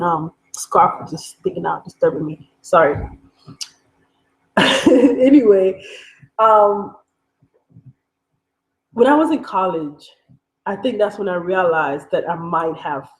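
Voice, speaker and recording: A woman's voice: on the low side, rough recording. Candid young woman from Africa. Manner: candid, conversational, wandering and self-aware. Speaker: vlogger. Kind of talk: candid personal storytelling.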